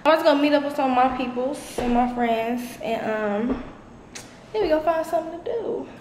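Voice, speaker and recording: Young female vlogger, excitable and blunt, loose casual delivery, roomy echo and a faint hiss behind her. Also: sits high, a little fast. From Detroit, USA. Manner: chatty, excitable, talks straight to viewers as y'all, swears freely. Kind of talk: casual apartment tour vlog. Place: new, mostly empty apartment indoors.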